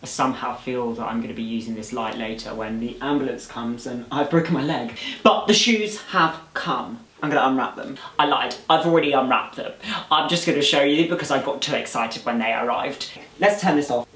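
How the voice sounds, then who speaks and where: A man's voice: medium pitch, a little fast, fairly bright tone, breathy edge. A young man vlogging in a camp, sarcastic, jokey way. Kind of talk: casual comedic vlog.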